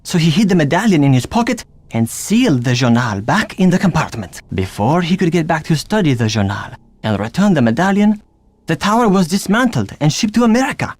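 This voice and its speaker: A man's voice: on the high side, sing-song. An earnest young man with a French accent. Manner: earnest, measured storytelling. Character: earnest young man seeking a lost treasure. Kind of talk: video game character dialogue.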